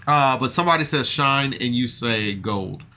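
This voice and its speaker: Bright-voiced man recapping casually. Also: mid-range voice, animated, moderate pace. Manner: rambling, self-deprecating, heavy fillers. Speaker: podcast reviewer.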